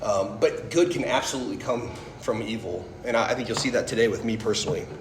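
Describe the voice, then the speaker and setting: A man's voice: fairly low pitch, fast, reverberant, a little hiss or hum. A man in his thirties giving a personal testimony talk, chatty and storytelling, often tossing in "like" and "right?". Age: 30s. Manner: conversational, storytelling, frequent "like" and "right?". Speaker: speaker giving a faith talk.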